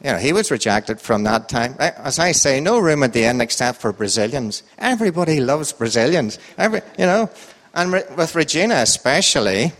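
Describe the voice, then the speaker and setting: A man's voice: mid-range voice, big pitch swings, a little fast, fairly bright tone. Sing-song Irish man in a reverberant hall. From Ireland. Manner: sing-song, up-and-down intonation, chatty and joking. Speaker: church group leader. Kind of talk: informal Bible talk with a quiz.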